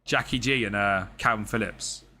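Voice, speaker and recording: A young man giving loose live commentary over a football management game, his voice bright and forceful. He chats with viewers, reads their messages and swears casually, with faint noise behind him. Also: lowish voice, moderate pace. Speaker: streamer.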